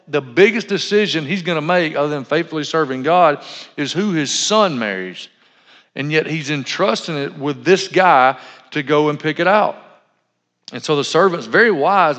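A man's voice: a little high, a bit bright. A man preaching a sermon as pastor, conversational and full of asides and self-corrections. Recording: dull lo-fi sound in a reverberant hall.

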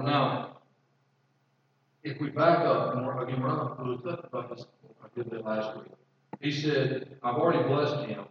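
A man's voice: mid-range voice, a little hiss or hum. A man preaching a sermon as pastor, reading scripture aloud and explaining it in a conversational way, often repeating words as he goes. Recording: distant mic with roomy echo, dull sound.

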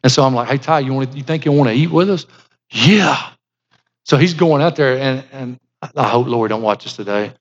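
A man's voice: medium pitch, quick pace. A middle-aged man, preaching and telling a family story in a folksy way, repeating words and acting out the dialogue. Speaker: pastor. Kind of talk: sermon storytelling. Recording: muffled sound in a large reverberant hall.

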